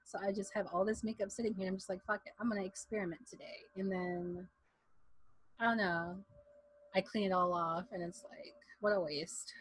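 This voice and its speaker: Husky, laid-back podcast woman. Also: mid-range voice, steady tone, brisk, no room sound, low-quality recording. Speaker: podcast co-host. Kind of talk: casual podcast chat.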